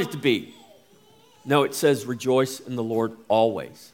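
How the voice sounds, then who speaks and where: A man preaching a sermon as pastor, slow and emphatic, rising and falling as he drives each point home. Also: mid-range voice, expressive.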